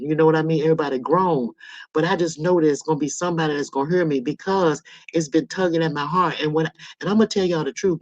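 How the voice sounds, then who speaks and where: A middle-aged woman livestreams casually from home on her laptop, spinning stories for her viewers in a chatty, foul-mouthed way and talking to them directly. Her voice sits low with a darkish tone, there's no room sound, and the laptop mic gives dull lo-fi audio.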